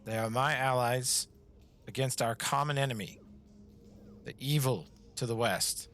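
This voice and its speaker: A man's voice: mid-range voice, measured pace, a bit bright, faint music behind, close to an everyday voice. A man voicing an ally who pleads urgently and persuasively during a tabletop game.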